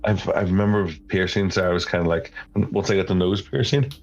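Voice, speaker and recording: A man's voice: sits low, fairly quick, gravelly, a little mellow, lo-fi sound. A man guest-hosting a casual podcast chat, playful and teasing as he asks questions, speaking into his phone. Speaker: guest host.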